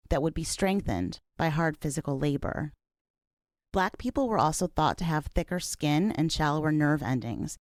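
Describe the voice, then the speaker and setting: A woman host reading scripted documentary narration in a measured, serious way. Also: sits low, a little mellow, no echo, studio quality.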